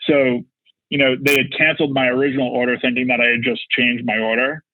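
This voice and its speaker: A man's voice: medium pitch, little pitch movement, fast, no room sound. A man telling a story as a podcast guest, rambling with constant "like" and "you know". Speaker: marketing executive guest. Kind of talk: casual anecdote telling. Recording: dull lo-fi sound, dry.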